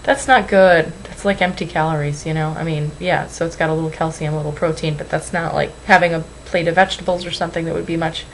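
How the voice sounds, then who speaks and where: A woman's voice: sits low, steady tone, fast talker, hardly any pauses, slight background noise, low-quality recording. Rambling, nervous young woman on webcam. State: tearful. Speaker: weight-loss vlogger. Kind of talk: emotional webcam vlog.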